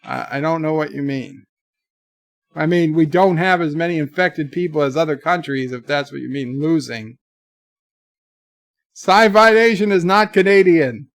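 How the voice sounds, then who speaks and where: A man's voice: fairly high pitch, moderate pace, vocal fry, no echo, clean studio sound. A man hosting a livestream, reading viewer chats aloud in a chatty, mocking way. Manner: chatty, mocking, slips into joke accents. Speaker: livestream host.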